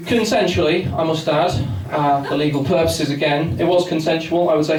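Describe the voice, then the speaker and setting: A man's voice: fairly high pitch, unhurried, pauses often, distant mic. A young man in his twenties from England doing a rambling, self-mocking stand-up set and bantering with the crowd. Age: 20s. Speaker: stand-up comedian. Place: pub function room with a live audience. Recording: echoey pub room recorded from afar. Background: audience laughter and chatter.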